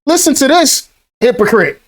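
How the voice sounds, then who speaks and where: A man hosting casual reaction commentary, talking to viewers in an animated, slangy way and laughing often. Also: very high-pitched, moderate pace. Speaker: crypto commentator.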